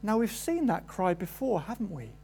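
Animated male preacher. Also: fairly quick, gravelly, husky. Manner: animated, acts out quoted voices with rising pitch. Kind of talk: sermon.

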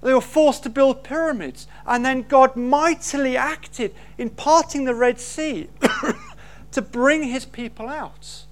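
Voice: sits high, huge pitch swings, takes it slowly. A preacher delivers a sermon in an emphatic way. The speaker builds each point with rhetorical questions and stresses key words.

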